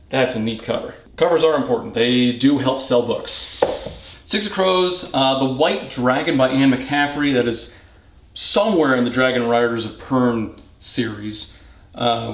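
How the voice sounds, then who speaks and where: A man rambles through a casual tour of his bookshelves, dropping wry jokes as he goes. His voice sits at an ordinary middle pitch. The sound is roomy and echoey, recorded in a home reading nook open to a balcony. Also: unhurried. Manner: wry, joking asides. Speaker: book channel host. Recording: echoey room.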